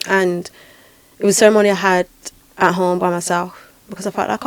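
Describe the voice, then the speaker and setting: A woman hosting a podcast, telling a spiritual experience in a lively, dramatic way with repeated phrases. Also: fairly low pitch, a little fast, smooth, dry recording. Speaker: podcast host and spiritual healer. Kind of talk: casual podcast storytelling.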